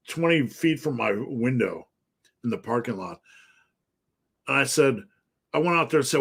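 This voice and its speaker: A man's voice: mid-range voice, expressive, normal speed, gravelly, fairly bright tone, slightly rough. A man, a fitness coach answering live viewer questions, talking bluntly and profanely in an emphatic rant.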